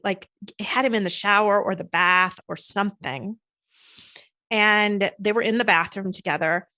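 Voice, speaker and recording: A middle-aged woman hosts a podcast and tells a story in a steady, detailed way. Her voice sits at an average pitch for a woman. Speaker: podcast host. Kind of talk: podcast conversation.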